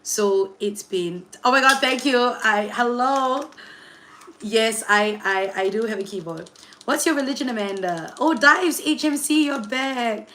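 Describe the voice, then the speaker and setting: Young woman chatting on a livestream, lots of like and you know, gets excited greeting chat. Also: fairly high pitch, measured pace, a little hiss or hum. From Singapore. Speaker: livestream host and tarot reader.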